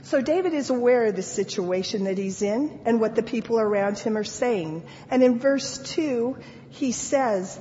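A woman preaching a sermon, reading scripture with earnest feeling and leaving deliberate pauses. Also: on the high side, warm tone, big-room sound, muffled recording, a little hiss or hum. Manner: slow, deliberate delivery.

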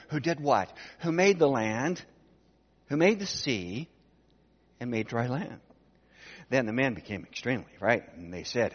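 A man preaching an expository sermon, emphatic, swinging between loud stresses and quiet asides. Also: medium pitch, animated, a little slow, long pauses. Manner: emphatic, rising and dropping in volume to stress points. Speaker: pastor. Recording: dull recording with long hall reverb.

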